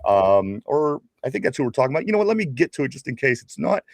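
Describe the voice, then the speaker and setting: A man's voice: mid-range voice, big pitch swings, quick pace, creaky, no echo. A man co-hosting a live sports podcast with a Pittsburgh accent, reading viewer comments aloud in a chatty way. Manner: reads viewer comments aloud, chatty, many fillers and restarts. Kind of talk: casual live-stream chat.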